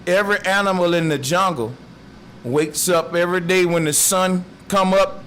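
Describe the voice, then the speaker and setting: A man giving a slow, musing philosophical monologue in streetwise slang. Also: sits high, a bit bright, slight background noise. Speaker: speaker.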